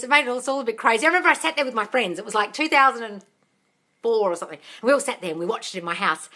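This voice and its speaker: A woman in her thirties, a manifestation coach answering viewer questions on a live stream, chatty and quick to laugh, swearing casually and calling her viewers darling. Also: fairly high pitch, sharp tone. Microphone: phone.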